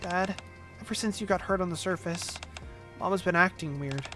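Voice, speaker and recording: A man's voice: normal speed, sharp tone, faint music behind. A man voicing a young girl who talks to her injured father, his normal voice raised a little with an upward lilt. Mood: wistful. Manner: slightly raised pitch with upward inflection.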